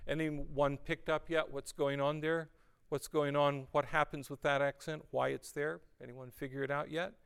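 A man leading a group class on chanting psalms, talking them through the lines in a relaxed, encouraging way. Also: fairly high pitch, moderate pace, vocal fry, clear, resonant tone. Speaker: music leader teaching psalm singing. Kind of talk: teaching a group to chant psalms, speaking and singing. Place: room with a group of singers.

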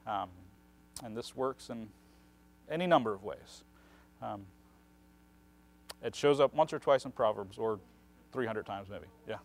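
A man's voice: lowish voice, unhurried, pauses often. Man explaining scripture, tagging "right?". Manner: explains at length, often adds a questioning "right?". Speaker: Bible teacher. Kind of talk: conversational Bible teaching.

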